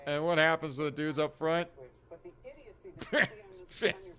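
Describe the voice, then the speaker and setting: A man's voice: on the high side, steady tone, slow pace, a bit bright. A man hosting a ranting commentary on video clips, exasperated and mocking, with frequent swearing. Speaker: commentary host.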